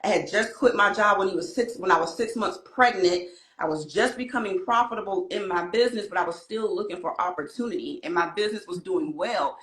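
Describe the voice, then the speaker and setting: An animated woman co-host speaks with a preacher's lilt about trading and faith. Her voice sits mid-pitch and is recorded in a noticeably echoey room. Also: brisk. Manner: excited, preachy, African American Vernacular English phrasing. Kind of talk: casual faith-based trading chat. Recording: roomy echo.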